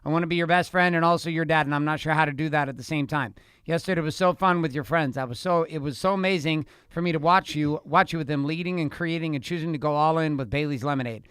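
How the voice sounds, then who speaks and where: A man's voice: fairly high pitch, quick pace, a bit bright, clean tone, no echo, clean studio sound. A middle-aged man co-hosting a casual couples podcast, speaking directly and coaching the men listening. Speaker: podcast co-host.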